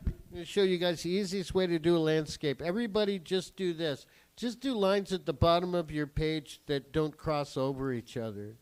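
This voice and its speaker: A man doing stand-up comedy and a drawing lesson on a theatre stage, swearing freely, acting out his family and swinging from quiet asides to sudden shouts. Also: on the high side, clean tone, rough recording. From Canada. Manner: acts out family members in quick voices. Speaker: comedian and cartoonist. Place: theatre stage with a live audience.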